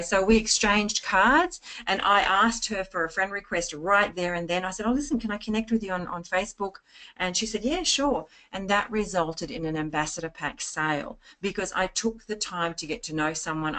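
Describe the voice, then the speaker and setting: A woman giving an informal sales training talk, full of anecdotes, chatty and lively, restarting her phrases often. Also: lowish voice. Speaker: network marketing trainer.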